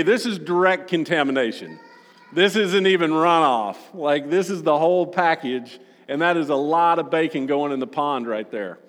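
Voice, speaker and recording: A male pastor giving a sermon, reading scripture aloud and breaking in with casual, joking asides. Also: fairly high pitch. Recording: long reverb of a large room.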